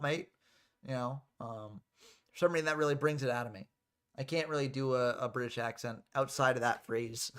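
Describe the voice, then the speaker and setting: Male host calling card game plays, casual and chatty, mid-pitched voice. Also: a bit bright. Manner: chatty, drifts into off-topic asides. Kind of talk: casual play-by-play commentary.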